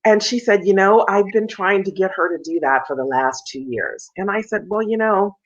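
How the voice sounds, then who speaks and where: A soprano with a mid-range voice tells a story at a moderate pace during a video-call interview. She's an animated storyteller who raises her voice to act out the lines of the people involved. The sound is dull and lo-fi.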